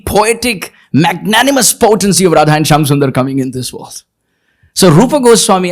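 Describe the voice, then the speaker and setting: A man giving a devotional lecture at a retreat, chanting verses slowly and then explaining them with emphasis. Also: high voice. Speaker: spiritual teacher. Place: retreat hall, before a live audience.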